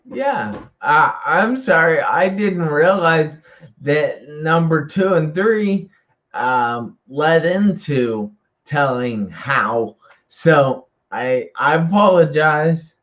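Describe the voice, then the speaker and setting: A man's voice: on the high side, lively intonation, very slow, fairly bright tone, muffled recording. A male host speaking in a hesitant, apologetic way while chatting with his guest. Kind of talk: interview chat.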